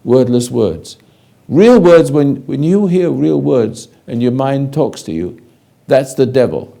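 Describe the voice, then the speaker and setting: An older man giving a slow, halting spiritual lecture, speaking directly to a listener in a commanding way. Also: mid-range voice, expressive, creaky, mellow. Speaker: spiritual teacher.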